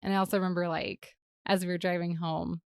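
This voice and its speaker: Low-voiced woman with vocal fry. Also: little pitch movement, a little fast, dry recording, clean studio sound. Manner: reflective, emotional, with many "like" fillers. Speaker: podcast host and parent. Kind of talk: personal storytelling.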